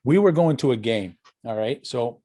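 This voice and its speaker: A man's voice: medium pitch, lively intonation, moderate pace, dark tone. A middle-aged Canadian man, a hockey parent guest, telling rambling anecdotes with many restarts and chuckles. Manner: rambling, self-correcting, laughs at his own stories. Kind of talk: casual storytelling interview.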